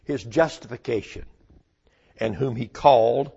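A male preacher delivering a sermon, slow and emphatic, with dramatic pauses and rhetorical questions. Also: medium pitch, creaky, warm tone, breathy edge, muffled recording.

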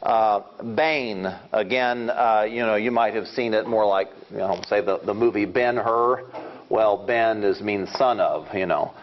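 A man's voice: lowish voice, measured pace. A man giving an informal Bible lesson, explaining his points step by step and thinking aloud, often restarting his sentences. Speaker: Bible study teacher. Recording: dull lo-fi recording.

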